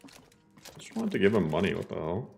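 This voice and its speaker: Male gaming streamer, low gravelly voice, chatty and easy to laugh. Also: huge pitch swings, moderate pace, a little mellow, faint music behind. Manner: chatty, laughs easily, thinks aloud. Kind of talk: casual gameplay commentary.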